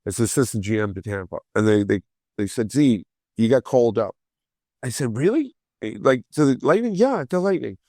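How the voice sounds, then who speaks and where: A man in his forties tells a story on a podcast with lots of energy. He jumps into the voices of the people in the story and stumbles over his words when he gets excited. The sound is close and dry, with no room around it. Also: fairly low pitch, brisk, no room sound. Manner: animated, acts out quoted voices, repeats words when excited. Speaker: guest storyteller.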